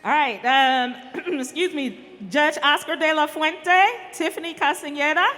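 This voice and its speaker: Bright, high woman announcing in a hall. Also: slight background noise. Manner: reads names slowly and calls winners up. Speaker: awards announcer. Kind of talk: school assembly announcing. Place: large school hall or auditorium. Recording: reverberant hall, faint ambience.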